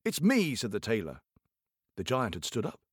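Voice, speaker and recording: A man telling a folk tale to children in a playful, expressive way, speaking straight to his listeners. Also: fairly low pitch, moderate pace, breathy edge, no echo, studio quality. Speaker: storyteller. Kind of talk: animated storytelling for children.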